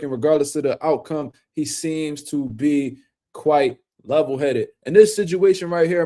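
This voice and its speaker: A man's voice: fairly high pitch, dark tone. A man hosting a casual boxing livestream, talking loosely in slang and speaking to viewers in the chat.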